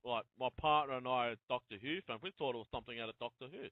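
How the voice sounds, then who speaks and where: A man's voice: mid-range voice, racing, no echo. Man on a tinny phone line. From Australia. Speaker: host. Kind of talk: casual interview.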